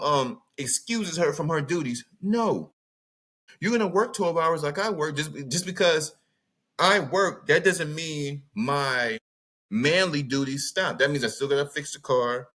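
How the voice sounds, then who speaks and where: A man's voice: fairly high pitch, unhurried, sharp tone. Emphatic ranting man with a Southern accent. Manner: emphatic, repetitive, rants with bursts of laughter. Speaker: podcast host. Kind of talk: preachy monologue.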